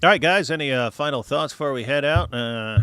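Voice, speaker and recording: A man hosting a casual panel chat, blunt and mocking, reading out viewer comments with animated asides. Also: mid-range voice, clear, resonant tone, dry recording, studio quality. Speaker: show host.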